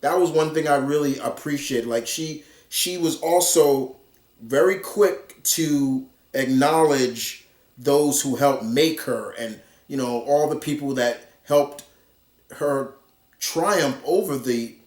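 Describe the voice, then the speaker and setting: A man's voice: mid-range voice, takes it slowly, a little mellow. A man casually reviewing a comic book, rambling with lots of fillers and restarts. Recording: roomy echo.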